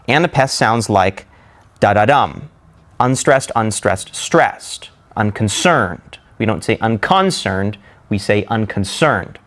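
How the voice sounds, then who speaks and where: Lively-voiced man teaching speech rhythm. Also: mid-range voice. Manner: slow deliberate demonstrations of word stress. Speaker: speaking coach. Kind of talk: scripted instructional narration.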